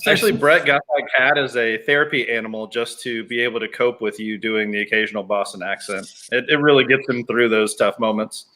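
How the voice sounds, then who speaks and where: A man's voice: medium pitch, a little fast, hardly any pauses, pushed and bright. A man in a casual chat over drinks, teasing his friends.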